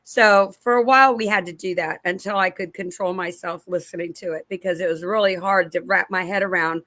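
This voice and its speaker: Animated middle-aged woman talking to her channel. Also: lowish voice, fairly quick, no echo. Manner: animated storyteller, acting out quoted voices; rambling, with restarts and asides to viewers. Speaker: channel host. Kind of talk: casual religious commentary to camera.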